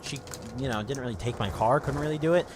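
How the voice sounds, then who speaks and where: A man's voice: medium pitch, fast, noisy background. A young man hosting a gaming channel, telling a profane, rambling story over gameplay and saying "dude" constantly. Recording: gunfire from gameplay behind voice. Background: game gunfire and vehicles.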